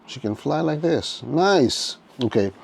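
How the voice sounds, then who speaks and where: A man giving a casual unboxing commentary, thinking aloud as he works, restarting often and checking in with "okay?", clearly enthusiastic about the toy. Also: fairly high pitch, expressive, slow pace. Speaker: toy reviewer.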